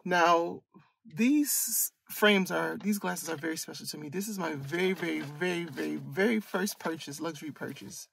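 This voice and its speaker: A woman in her late thirties from Michigan hosts a casual storytime. Her voice is gravelly with a husky edge. She speaks candidly and earnestly, often looping back to repeat a point. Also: lowish voice, normal speed. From Michigan, USA. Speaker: host and coach for women.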